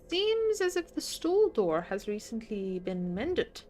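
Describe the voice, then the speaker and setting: A woman playing through a mystery game on stream, reading the text aloud in a quick, chatty voice. Her voice is fairly high, with soft music behind her. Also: very animated.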